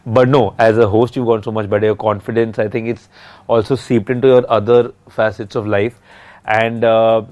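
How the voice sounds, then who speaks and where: A man's voice: on the low side, level tone, moderate pace, darkish tone. A man in his thirties co-hosting a casual podcast with his wife, rambling and joking, tired from lack of sleep. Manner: rambling, joking, self-interrupting. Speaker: podcast co-host. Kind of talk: casual couple's podcast chat.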